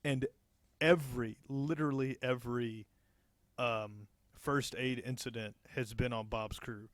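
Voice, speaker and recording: A man's voice: mid-range voice, fairly even intonation, a little slow, fairly bright tone, no room sound, clean studio sound. Laid-back young man telling work stories. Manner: laid-back, profane, laughing through anecdotes. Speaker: podcast co-host. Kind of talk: casual storytelling chat.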